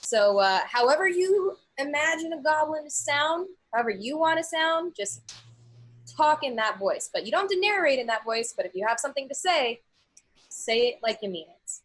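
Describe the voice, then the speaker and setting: A woman's voice: sits high, big pitch swings, moderate pace, fairly bright tone, poor audio. A young woman running a tabletop game, recapping the story in a chatty way with frequent ums. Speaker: game master.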